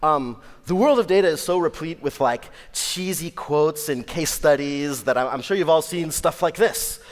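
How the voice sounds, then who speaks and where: A man's voice: on the high side, moderate pace. A man giving a tech conference talk, upbeat and joking, with frequent ums. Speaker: conference speaker. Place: large conference hall. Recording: hall reverb.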